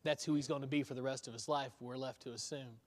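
A man's voice: medium pitch, steady tone, quick pace. A male preacher giving a sermon in a conversational storytelling way, asking the listeners rhetorical questions. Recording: long hall reverb.

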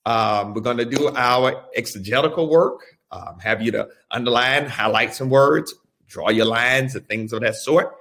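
A pastor teaching a Bible study, who speaks deliberately and repeats phrases for emphasis. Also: male voice, medium pitch, fairly bright tone.

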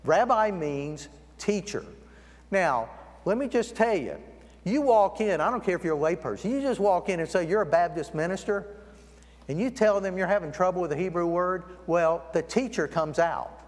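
High-voiced preacher in a reverberant hall. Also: male voice, expressive. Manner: storytelling, slows down to stress key words. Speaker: guest preacher. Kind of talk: sermon. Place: church sanctuary. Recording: long church hall reverb.

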